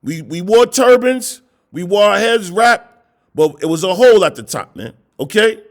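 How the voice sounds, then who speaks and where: High-voiced man preaching a scolding sermon. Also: animated, moderate pace. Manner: scolding, repetitive rhetorical questions, profane. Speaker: street preacher. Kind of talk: confrontational street sermon.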